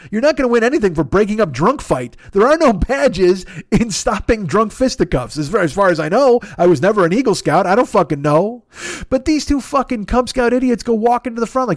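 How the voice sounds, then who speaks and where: A man hosting a podcast, telling a comedic story in a profane, animated way and acting out both sides of the dialogue. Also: high-pitched, a little fast, dry recording, studio quality. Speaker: podcast host.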